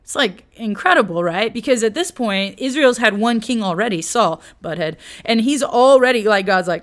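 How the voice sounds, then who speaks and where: A woman teaching the Bible in a casual, conversational way, with slangy asides and lively retellings. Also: a little high, normal speed, few pauses.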